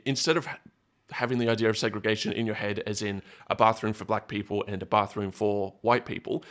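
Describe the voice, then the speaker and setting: A man's voice: lowish voice, a bit bright. A man talking to camera in a rambling, self-correcting solo commentary, drifting into anecdotes. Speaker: political commentator.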